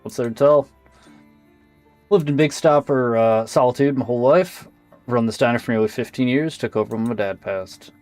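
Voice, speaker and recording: A man reading aloud the lines of a weary middle-aged woman who runs a diner, in a plain, flat manner. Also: mid-range voice, normal speed, no echo, faint music behind, voice pushed up, natural voice. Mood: somber.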